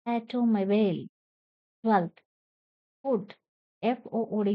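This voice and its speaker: Woman, Indian English accent, pronunciation teacher, spells words letter by letter, unhurried, dull dry lo-fi sound. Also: medium pitch, no room sound. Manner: spells words out letter by letter, then repeats them carefully. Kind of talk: pronunciation lesson. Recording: slightly dull, dry lo-fi recording.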